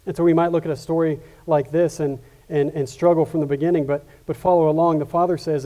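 A male pastor delivers a sermon in an earnest, conversational way, often doubling back on his words. His voice sits a little high for a man. It has a warm, mellow tone. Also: little pitch movement, fast talker, few pauses. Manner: earnest, with frequent restarts and repetitions.

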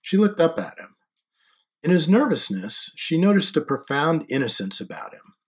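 A man narrating an audiobook in a measured, quiet storytelling manner. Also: fairly high pitch, big pitch swings, slightly rough.

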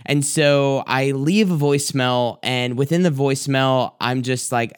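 A man's voice: mid-range voice, a little slow, few pauses, smooth. A young man, a youth pastor, telling a candid personal story of his own mistake as a sermon testimony, with lots of casual fillers.

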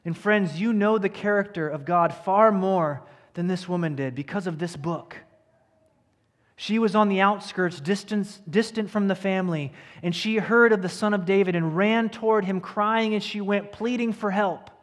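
A man preaching a sermon as pastor to his congregation, earnest and emphatic, sometimes sinking to a hushed tone. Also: sits high, moderate pace. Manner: earnest preacher, dropping to a hush at key lines. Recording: church hall with long reverb.

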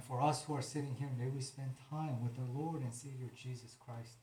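Male preacher, mid-pitched, earnest delivery that swells to firm proclamations; reverberant room. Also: steady tone, normal speed, few pauses, dark tone. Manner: earnest, rising to emphatic declarations. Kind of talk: sermon. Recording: roomy echo.

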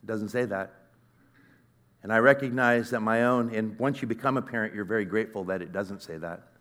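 A middle-aged man giving a sermon, telling a personal story in a conversational, earnest way that swings from loud to hushed. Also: fairly low pitch, a little fast. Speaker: conference speaker.

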